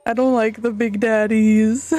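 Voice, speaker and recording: A woman's voice: a little high, level tone, measured pace, dark tone. A woman streaming a video game from home, talking to herself in jumpy, frequently swearing commentary with nervous laughs. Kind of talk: live gameplay commentary.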